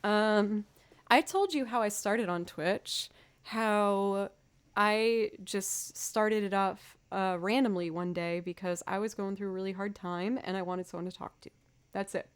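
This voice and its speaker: A woman's voice: mid-range voice, measured pace, clear, resonant tone. A woman music streamer in casual live-stream chat, rambling, chatty and self-deprecating.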